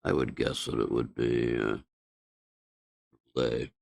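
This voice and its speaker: A man chairing a school board meeting, calling motions and roll calls in a brisk procedural manner with dry humor. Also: a bass voice, level tone, creaky, no echo.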